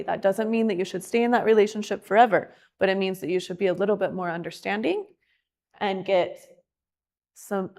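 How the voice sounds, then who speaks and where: A woman leads a class in a relaxed, conversational way. She talks in a chatty manner and brings quotes to life with lively emphasis. Her voice has a slight gravelly edge. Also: medium pitch. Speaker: class instructor. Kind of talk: casual classroom teaching.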